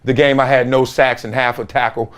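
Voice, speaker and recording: A middle-aged former NFL player hosts a sports talk show, telling stories in an emphatic monologue and acting out the voices of people in them. His voice is mid-range, level, brisk, fairly bright and clean.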